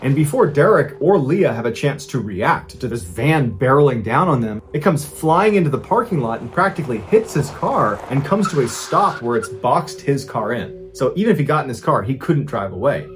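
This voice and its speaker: A man's voice: mid-range voice, normal speed, few pauses. A man in his thirties, the host, narrating a true story with energy and briefly acting out the people in it. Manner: animated, acts out quoted lines in his own voice.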